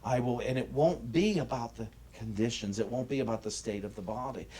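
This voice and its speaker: An American man delivering a sermon as minister, emphatic, with swings in pitch and loudness and frequent restarts. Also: brisk. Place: church sanctuary.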